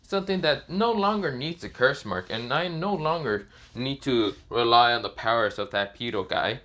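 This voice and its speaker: A man playing a cocky young ninja boy in a homemade fan storybook, boastful and smug, talking in a loose, offhand way full of fillers. The voice is bright and clear, close to an everyday speaking voice. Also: mid-range voice, expressive, normal speed, natural voice. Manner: casual, offhand delivery with fillers.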